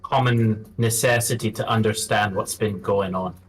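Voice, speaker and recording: A man's voice: on the low side, fairly even intonation, moderate pace, recorded from a distance, low-quality recording. A man playing a tabletop role-playing game, speaking in character as a confident, persuasive tracker. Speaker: player.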